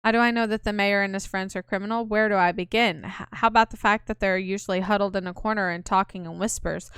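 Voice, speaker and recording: A woman's voice: medium pitch, fairly bright tone, clear, resonant tone, no echo, studio quality, natural voice. A woman voicing a bitter, sour-tempered housekeeping manager who grumbles about her job.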